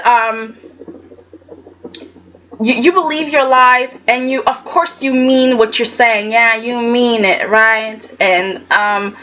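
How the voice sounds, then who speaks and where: A woman's voice: on the high side, fairly bright tone, dull audio, slight background noise. A woman giving a casual, emphatic recap of a soap opera episode, often checking in with "okay?" and restarting her sentences.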